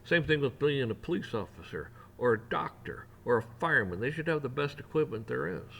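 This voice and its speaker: A man in the middle of a fired-up rant, voice at an ordinary middle pitch. He jabs at authority, slips into sarcastic mimicry of officials, and keeps climbing in force as he goes. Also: big pitch swings, fairly quick, gravelly, slight background noise. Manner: heated, mocking, rising to near shouting at peaks. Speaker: rant channel host. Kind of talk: opinion rant to camera.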